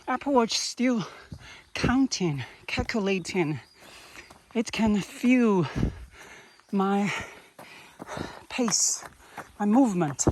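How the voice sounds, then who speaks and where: Slow-talking man commenting while jogging. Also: sits high, darkish tone. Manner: short clipped phrases, simple non-native grammar. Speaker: vlogger testing a running watch. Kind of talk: running commentary. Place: outdoors in a quiet green park.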